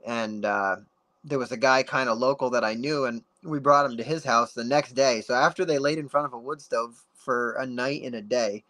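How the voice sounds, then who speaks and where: A man guest on a podcast, telling a story in a casual, animated way and acting out the dialogue. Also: mid-range voice, moderate pace. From United States. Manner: animated, acts out dialogue with many "like"s.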